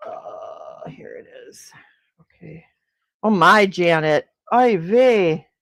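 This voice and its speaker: A woman chats through a casual morning livestream from her home, greeting viewers and reacting to their comments with frequent exclamations. Her pitch swings widely and animatedly as she talks. She speaks into a desk microphone, and the sound is dry and close. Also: animated, slow pace, gravelly, no room sound. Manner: chatty, exclaims often. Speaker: livestream host. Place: home in snowy Milwaukee.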